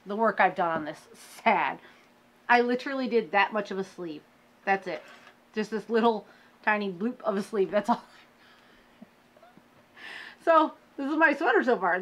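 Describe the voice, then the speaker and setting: A woman hosting a crafting podcast, chatting casually with her viewers about her projects, laughing often and poking fun at her own slow progress. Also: a little high, fairly bright tone. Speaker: crochet podcast host. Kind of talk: casual show-and-tell chat.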